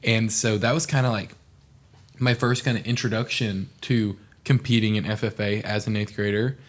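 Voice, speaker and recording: Lively low-voiced young man telling stories. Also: moderate pace. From Oklahoma. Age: young adult. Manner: animated storyteller, acts out quoted people. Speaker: podcast guest. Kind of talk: casual storytelling chat.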